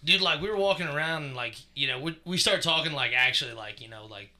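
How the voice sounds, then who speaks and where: A man's voice: fairly high pitch, animated, fast, sharp tone. A man co-hosting a podcast, telling a story in casual chat, swearing freely and rambling with lots of fillers. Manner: profane, rambling, full of fillers. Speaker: podcast co-host.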